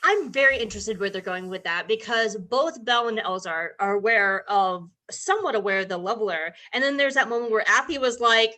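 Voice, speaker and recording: A woman's voice: medium pitch, expressive, fairly quick, few pauses, sharp tone. A woman talking earnestly and emotionally as a guest in a casual podcast discussion.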